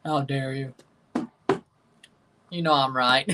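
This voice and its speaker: A man's voice: on the high side, normal speed, recorded from a distance, background noise. A man hosting a live watchalong stream, chatting casually and rambling, often repeating himself and chuckling. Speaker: livestream watchalong host. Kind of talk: casual live reaction chat.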